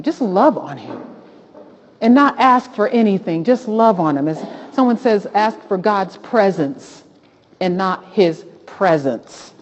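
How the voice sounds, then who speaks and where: A woman hosting a Christian talk, preaching with animated, rising exclamations. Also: medium pitch, slow, slight background noise. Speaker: host of a Christian talk show. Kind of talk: preaching-style Bible talk. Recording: dull lo-fi sound.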